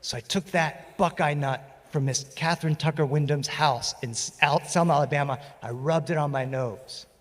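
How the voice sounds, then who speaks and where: A man performing stories live on a festival stage, playful and animated, speaking into a stage microphone. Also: on the high side, normal speed, few pauses, long reverb tail. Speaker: storyteller. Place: festival stage before an audience.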